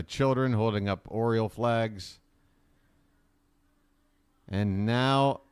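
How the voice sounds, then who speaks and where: Smooth and lowish, this man's voice carries a casual, rambling play-by-play on a fan livestream. He talks to his viewers as he watches, chatty and packed with fillers.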